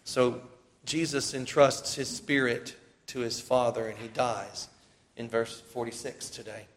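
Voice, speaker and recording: A man's voice: medium pitch, flat delivery, measured pace. Male pastor, sermon delivery, mid-range voice, scripture readings with rising emphasis, long reverb around him.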